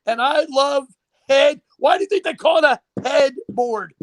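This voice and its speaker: A man co-hosting from his bedroom at home, telling crude stories in an animated way. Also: very high voice, measured pace, no room sound. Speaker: co-host. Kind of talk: casual chat.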